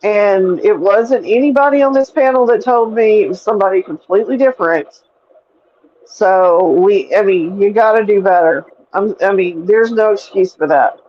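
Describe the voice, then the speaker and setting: A woman from the American South with a Southern accent, speaking calmly and courteously on a panel. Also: mid-range voice, dull audio. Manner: measured, courteous, explains calmly. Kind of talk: casual chat.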